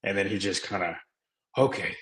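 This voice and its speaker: A man's voice: fairly low pitch, normal speed, bright, forceful tone, echoey room, rough recording. A man co-hosting a podcast, chatting casually and rambling with lots of filler words. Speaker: podcast co-host. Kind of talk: casual chat.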